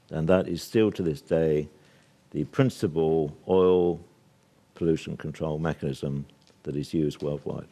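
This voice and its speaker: Deep-voiced older British man speaking. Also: mellow. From Britain. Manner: discursive, assertive, with many fillers and asides. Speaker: speaker at a workshop. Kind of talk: public talk to an audience. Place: venue with a live audience.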